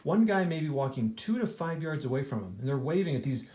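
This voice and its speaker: A man's voice: fairly high pitch, big pitch swings, fairly quick, dark tone. A man casually thinking aloud as he reviews a board wargame he played, rambling and restarting his sentences with lots of fillers. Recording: echoey room.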